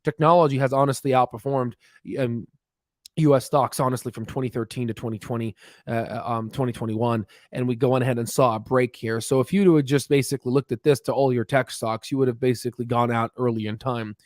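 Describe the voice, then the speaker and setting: Brief: man, mid-pitch, dry close sound, rapid chart-walkthrough teacher, lots of "uh"s. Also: steady tone, dry recording. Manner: many fillers and restarts, talks fast on purpose. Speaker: stock market educator. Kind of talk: chart walkthrough, casual explainer.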